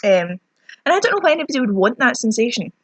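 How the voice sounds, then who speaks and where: A woman's voice: on the high side, sing-song, fast, fairly bright tone, husky, no echo. A young Scottish woman ranting chattily through a lip product review, self-mocking as her lips sting. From Scotland. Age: young adult. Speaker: beauty vlogger.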